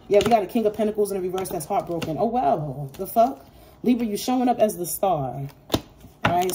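A woman's voice: fairly low pitch, mellow, a little hiss or hum. A woman giving a casual tarot reading, blunt and sassy, swearing freely and laughing often. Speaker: tarot reader.

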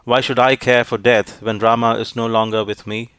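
A man voicing a grieving, faithful young princess in a storybook reading, in a measured, even tone. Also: mid-range voice, clear, resonant tone, no echo, natural voice. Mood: despairing.

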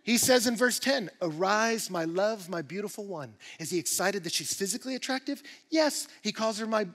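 A male pastor preaching a sermon in an animated, emphatic way, with rising bursts of energy. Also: sits high, normal speed, long reverb tail. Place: church auditorium.

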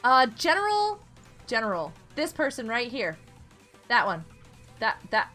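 Woman streamer, high and very lively voice, giggly, encouraging, casual chat, faint music behind. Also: measured pace. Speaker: streamer playing a block game with viewers.

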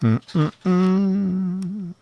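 Slow, fumbling male show host. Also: high voice, fairly even intonation, dull audio. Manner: slow and fumbling, searching his papers aloud; chuckles at the jokes he reads. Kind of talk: casual streamed chat, reading viewer answers.

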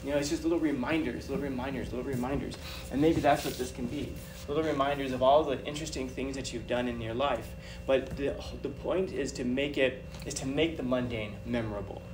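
A man giving a talk to an audience, telling animated personal stories with a chatty, repetitive manner. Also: medium pitch, fairly quick. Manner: animated, chatty, repeats phrases. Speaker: guest speaker. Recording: distant mic with background noise.

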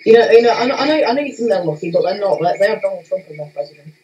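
A man's voice: sits high, lively intonation, racing, darkish tone, recorded from a distance, dull audio, slight background noise. A man co-hosting a casual gaming livestream, stammering and repeating his words. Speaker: livestream co-host.

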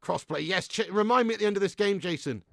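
Sweary gaming streamer, chatty. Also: male voice, sits high, fast, vocal fry, a bit bright, dry recording. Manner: swearing, laughing, rambling banter with chat. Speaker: streamer reading chat. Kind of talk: casual live-stream chat.

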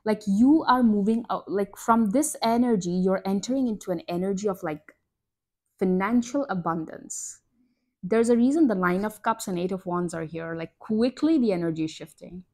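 Excitable woman giving a tarot reading. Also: medium pitch, moderate pace. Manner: excitable, exclaiming, breathy gasps and laughs. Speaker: tarot reader.

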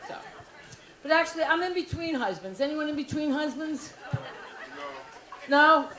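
A woman's voice: high-pitched, lively intonation, moderate pace, a bit bright. A woman doing a stand-up comedy set, brash and frank, teasing the crowd. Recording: echoey club room, faint noise.

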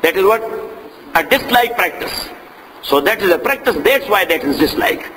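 A man's voice: high-pitched, animated, moderate pace, pushed and bright, slight background noise. A man teaching a class on Islamic law, repeating points, asking "got it?" and reciting Arabic. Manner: repetitive, drilling, checks understanding with "Got it?". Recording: long reverb in a large room.

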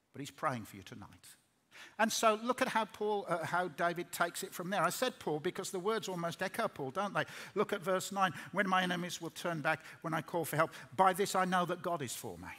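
A man's voice: on the high side, pushed and bright. A middle-aged man preaching a sermon in earnest, repeating words as he builds up. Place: large hall.

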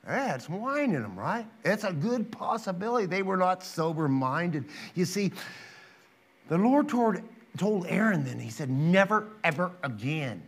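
Animated, high-pitched preaching man. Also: a little slow, slightly rough. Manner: emphatic preaching, reads scripture aloud, rhetorical questions; dramatizes quotes with sudden loud rises. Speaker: pastor. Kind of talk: sermon.

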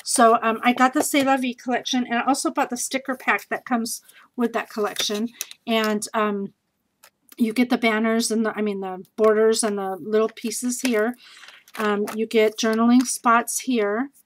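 A woman casually chatting in a home video as she shows off scrapbooking supplies she bought, bubbly and gushing, with lots of fillers and quick asides. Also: on the high side, steady tone, a little hiss or hum, rough recording. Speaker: scrapbooking vlogger showing a craft haul. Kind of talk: casual haul video chat.

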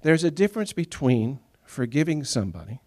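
Animated pastor preaching with folksy humor. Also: male voice, mid-range voice, fairly quick. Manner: animated storytelling, acts out quoted voices. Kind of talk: sermon. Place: church sanctuary.

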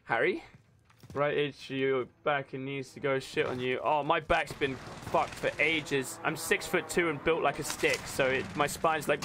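A man in his twenties chatting casually with his livestream chat while gaming, excitable and swearing a lot. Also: a little high, measured pace. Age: 20s. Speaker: streamer. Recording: noisy background.

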